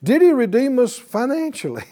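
A middle-aged man teaches a class a sermon in a very high, warm voice with huge pitch swings at a moderate pace. This Bible teacher is emphatic, full of rhetorical questions and repetition.

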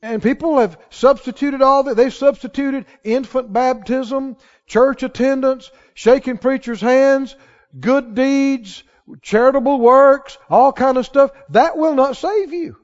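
A male pastor preaching a sermon to a congregation, emphatic and rising to shouts on key lines. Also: very high voice, unhurried. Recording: dull sound with long hall reverb.

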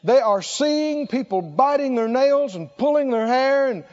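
A man's voice: extremely high pitch, animated, a little slow, muffled recording. A man preaching a sermon, emphatic and exclaiming, repeating short phrases for effect.

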